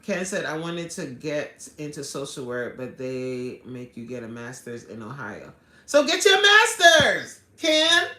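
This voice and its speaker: A male fitness coach hosts a casual live stream and reads viewer comments aloud in a bright, slightly high voice. He speaks earnestly, restarts his sentences and apologizes often. The room around him is noticeably echoey. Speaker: fitness coach and livestream host. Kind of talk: casual livestream chat reading viewer comments.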